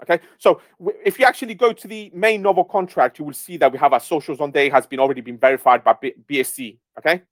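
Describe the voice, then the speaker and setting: Guy running a live q&a, kinda high voice, pushy, keeps saying okay?, dry close sound. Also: quick pace, few pauses, dry recording. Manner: emphatic, repeats "okay?" to check in. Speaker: project lead hosting a community Q&A. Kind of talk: casual live-stream talk.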